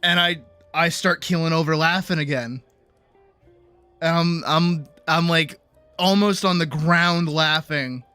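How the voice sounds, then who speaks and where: A woman streamer telling a story in casual chat, animated, laughing often and swearing freely. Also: a little slow, smooth, soft background music. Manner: quotes people in big high-pitched voices.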